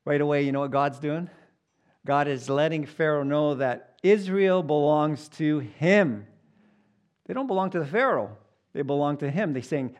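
Man teaching from the Bible. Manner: reads scripture slowly, then explains in plain talk; acts out voices with big pitch jumps. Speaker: preacher.

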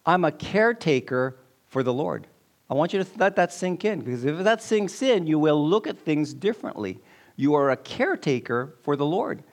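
A man's voice: a little high, very animated, brisk, darkish tone. A man preaching a sermon to his congregation, emphatic and repeating key lines for weight. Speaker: pastor.

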